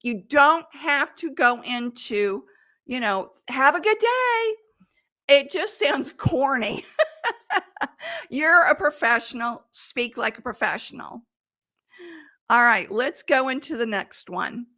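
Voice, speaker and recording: A woman sales coach giving advice in an emphatic, deliberate way. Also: on the high side, animated, sharp tone. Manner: emphatic, deliberate delivery with quoted examples. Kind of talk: coaching monologue.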